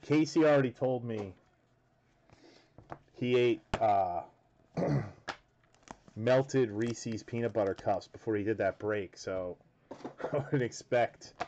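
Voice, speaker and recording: A man's voice: fairly low pitch, slow, pauses often, a little mellow. A man hosting a card break, chatting casually in a rambling, joking way and swearing freely. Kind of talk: casual chat while opening cards. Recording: dull lo-fi with faint noise.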